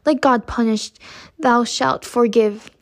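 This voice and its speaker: A remorseful woman pleads with her lover in archaic, earnest phrases, as a female reader voices her. Her voice sits fairly high and stays close to the narrator's own. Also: takes it slowly. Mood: desperate.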